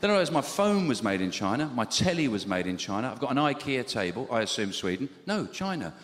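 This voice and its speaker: A middle-aged English man doing deadpan, wry stand-up comedy in front of a live audience. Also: mid-range voice, fast. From England. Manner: deadpan and wry, with lively swings in delivery. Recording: live hall with reverb and ambient noise.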